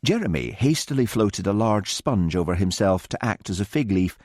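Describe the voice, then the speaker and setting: Male audiobook narrator, expressive, low-pitched, dry close sound. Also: normal speed, no room sound. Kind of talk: scripted narration.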